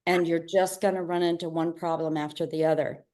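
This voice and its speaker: A woman guest with a mellow, warm tone who tells her story with spirit. She often speeds up into quick bursts and slips into acted-out dialogue as she talks. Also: low voice, little pitch movement. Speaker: guest, business owner and artist. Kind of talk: interview storytelling.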